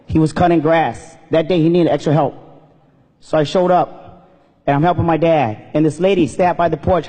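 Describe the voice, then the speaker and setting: A comedian giving an earnest, emotional storytelling speech on a stage. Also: male voice, a little high, steady tone, moderate pace, dark tone. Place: stage in a hall. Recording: long reverb in a hall.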